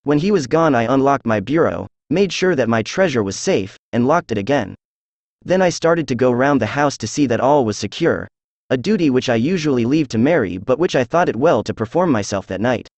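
A synthesized male voice narrates a classic story in a steady, measured way. His pitch is middling and the sound is dry and close, with no room around it. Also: no echo. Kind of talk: audiobook narration.

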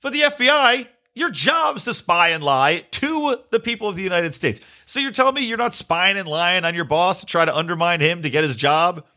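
A man's voice: high-pitched, lively intonation, moderate pace, hardly any pauses, sharp tone. A man hosting a podcast, delivering a sarcastic, ranting political commentary monologue and swearing freely. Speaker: podcast host.

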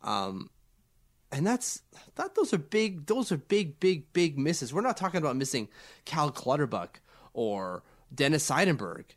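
A man's voice: a little high, sing-song, unhurried. A man co-hosting a casual sports podcast, getting over a cold and talking in rambling, stammering restarts. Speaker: podcast co-host.

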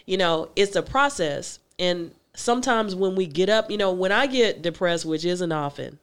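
A woman host in casual chat, speaking in a calm, reflective way. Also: lowish voice, normal speed, clean tone.

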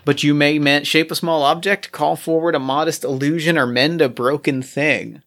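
A man's voice: on the high side, fairly even intonation, a bit bright. A man narrating as game master of a tabletop role-playing game, often restarting his sentences. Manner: halting, with many restarts.

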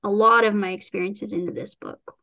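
A woman's voice: medium pitch, fairly even intonation, brisk, creaky, sharp tone. A woman author chatting casually about her novel, rambling with restarts, acting out quotes and laughing often. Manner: laughs often while talking. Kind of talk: casual chat.

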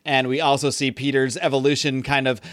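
A man's voice: mid-range voice, level tone, brisk, fairly bright tone, dry recording. Male co-host, dry close sound, easygoing opinions. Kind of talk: casual recap discussion.

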